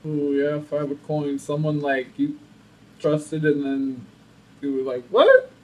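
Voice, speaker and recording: A man giving a casual tarot reading, sassy and animated, laughing often. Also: on the high side, slow pace, far from the mic, rough recording. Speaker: tarot reader.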